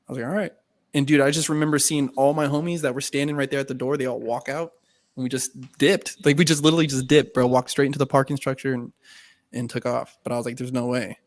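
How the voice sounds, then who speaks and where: A young man co-hosting a podcast, telling a story in animated, slangy talk with lots of swearing and laughter. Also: medium pitch, quick pace, no echo. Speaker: podcast co-host. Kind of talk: casual chat, storytelling.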